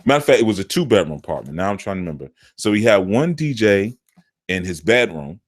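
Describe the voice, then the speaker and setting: A middle-aged man with a fairly low voice teaches through rambling, casual stories. He acts out the people he quotes, jumping far up in pitch. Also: fast. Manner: animated, jumps into quoted voices with big pitch swings. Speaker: spiritual teacher. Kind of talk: casual storytelling talk.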